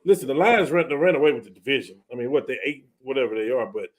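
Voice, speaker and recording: A man's voice: medium pitch, animated, fast. A man on a casual sports talk panel, giving fired-up, exasperated takes on football teams.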